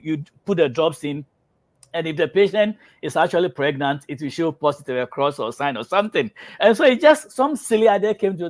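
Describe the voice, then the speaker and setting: Animated man telling a prank story. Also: fairly high pitch, dry recording. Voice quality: animated storyteller, many fillers and restarts. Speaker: health show host and lab worker. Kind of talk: casual storytelling and reading out health info.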